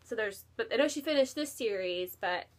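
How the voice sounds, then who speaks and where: A woman's voice: on the high side, expressive, moderate pace. A woman talking casually and enthusiastically at home, with lots of fillers and repeated words. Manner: chatty and enthusiastic, with many fillers and repeated "really". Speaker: book vlogger. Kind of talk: casual chat. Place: home, near her bookshelf.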